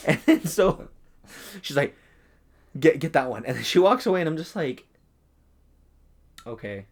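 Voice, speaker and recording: A young man on a casual podcast, telling a work story in lively fashion and acting out the customers' lines in quoted voices. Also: on the high side, measured pace, pauses often. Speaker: podcast co-host.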